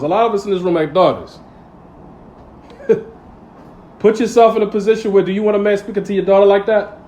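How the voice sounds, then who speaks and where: A man's voice: high-pitched, a little mellow, lo-fi sound. A man preaching a sermon in casual street English, asking the audience rhetorical "what?" questions and acting out little everyday scenes. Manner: call-and-response questions, acts out little scenes. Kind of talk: Friday sermon.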